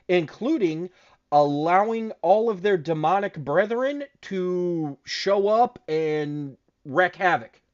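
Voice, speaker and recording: A man co-hosting a casual chat show, telling stories in a profane, animated way. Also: high-pitched, dull audio. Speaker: podcast co-host.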